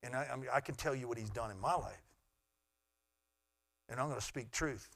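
A middle-aged man, a pastor, preaching a sermon in an earnest way that swings from loud to hushed. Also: mid-range voice, a little fast, vocal fry.

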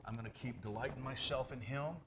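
A man preaching a sermon as pastor, animated and conversational, jumping from loud bursts to hushed asides. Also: medium pitch, fairly quick, background noise.

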